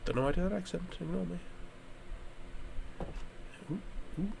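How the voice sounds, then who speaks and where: A man's voice: high-pitched, moderate pace, vocal fry, noisy background. A man hosting a let's play, giving casual gameplay commentary while thinking aloud and often correcting himself mid-sentence.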